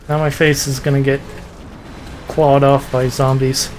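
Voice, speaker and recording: A man's voice: medium pitch, level tone, unhurried, slight background noise. A man chatting casually while streaming a video game, thinking aloud and restarting sentences. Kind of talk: casual gameplay commentary.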